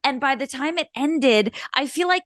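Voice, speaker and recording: A woman's voice: high voice, lively intonation, moderate pace, fairly bright tone, no echo, studio quality. A young woman co-hosting a podcast in casual chat, talking in a gushing, emotional way with many restarts. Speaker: podcast co-host.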